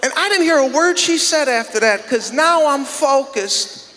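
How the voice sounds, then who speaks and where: High, bright-voiced exasperated stand-up man. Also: lively intonation, moderate pace, some chatter behind. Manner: indignant, exasperated storytelling with acted-out dialogue. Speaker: stand-up comedian. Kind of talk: stand-up set. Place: theater stage before a live audience. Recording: long theater reverb.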